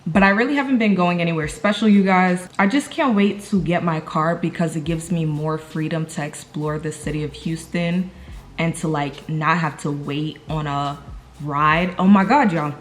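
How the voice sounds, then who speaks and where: A woman's voice: low voice, normal speed, slight background noise. Chatty young New York woman vlogging. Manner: chatty, slangy, talks straight to viewers as "y'all". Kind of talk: casual chat to camera.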